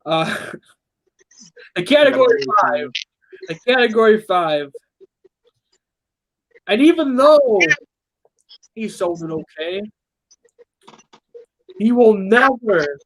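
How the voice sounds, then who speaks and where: Brash trash-talking man, lively pitch. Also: dry recording, poor audio. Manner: brash and mocking, shifting between mumbles and shouts. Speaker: host of a backyard wrestling talk show. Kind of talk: trash-talking wrestling promo.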